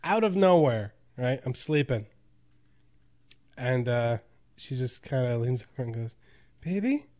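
A man's voice: medium pitch, a little slow, long pauses, mellow. A young man hosting a casual podcast chat, playful and teasing, jumping into silly voices.

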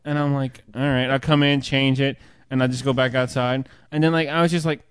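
A man's voice: mid-range voice, level tone, clean tone, dry recording, clean studio sound. A man chatting casually on a podcast, telling rambling stories full of fillers and restarts. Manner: rambling, halting storytelling with frequent fillers and laughs. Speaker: podcast co-host. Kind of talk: casual chat.

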